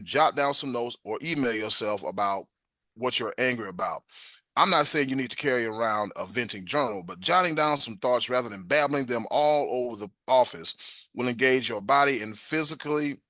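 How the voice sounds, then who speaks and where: A male podcast host with a bright, forceful voice recorded close and dry. He reads a self-help passage aloud and trips over words now and then, then slips into animated, emphatic casual talk. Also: mid-range voice, no echo.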